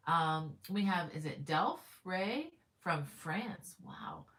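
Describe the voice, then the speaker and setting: A woman's voice: lowish voice, expressive, slow, a bit bright. A middle-aged woman hosting a crochet live stream in casual chat. She is chatty and upbeat, greets viewers by name, and fills her talk with ums and restarts. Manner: frequent ums and self-corrections. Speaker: crochet livestream host.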